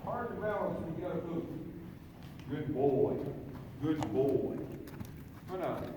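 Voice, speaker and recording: Calm horse trainer, slow soothing commentary, recorded from a distance in a noisy, reverberant arena. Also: male voice, on the high side. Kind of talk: training demonstration. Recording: echoey arena, far from the mic, ambient noise.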